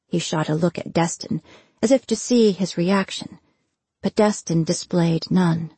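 A woman narrating a fantasy audiobook in a measured, steady way. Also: on the low side, breathy edge, no echo.

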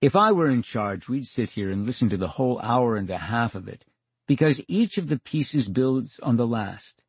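An older man, a guest on a radio interview, tells anecdotes expressively at a moderate pace, his slightly husky voice swinging in pitch as he acts out each exchange. He's a theatrical, wry storyteller who performs the dialogue, and the studio sound is dry and close with no echo.

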